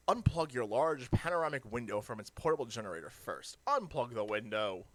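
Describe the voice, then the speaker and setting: A person reading a webcomic aloud with reactions, hammy and jokey, swinging between deadpan lines and shrill outbursts. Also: brisk, few pauses. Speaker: reader of a webcomic.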